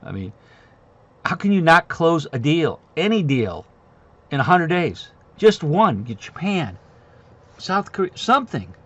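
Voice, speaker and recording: A man's voice: medium pitch, gravelly, a bit bright, slight background noise. A middle-aged man giving casual market commentary as a host, blunt, sarcastic and rambling. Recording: dull lo-fi recording.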